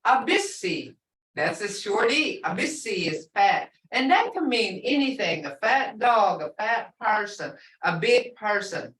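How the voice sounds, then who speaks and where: A woman's voice: medium pitch, very animated, measured pace, a bit bright. An older woman teaching a language class over a video call, patiently stretching out words to show how they sound. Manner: patient, drawing out words to model pronunciation. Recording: roomy sound from far off the mic.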